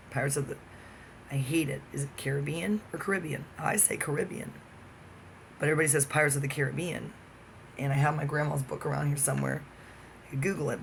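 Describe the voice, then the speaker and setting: A man's voice: a little high, gravelly, fairly bright tone, slight background noise. A man talking alone to the camera in a rambling, profane monologue that jumps from topic to topic. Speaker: vlogger.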